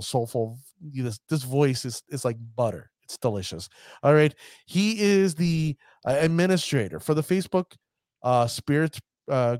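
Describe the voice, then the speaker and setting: A man hosting a casual podcast, talking like a showman with hype and drawn-out emphasis. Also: medium pitch, darkish tone, dry recording, clean studio sound. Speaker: podcast host.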